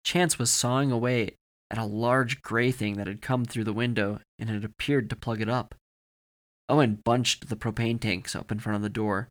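A man's voice: on the low side, steady tone, normal speed. A man narrating a horror story for a podcast with dramatic, varied delivery.

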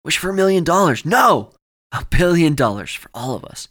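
A man voicing a brash, teasing teenage boy who talks loudly and mockingly, saying "dude" and "bro" a lot. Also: medium pitch, big pitch swings, slow pace, exaggerated voice.

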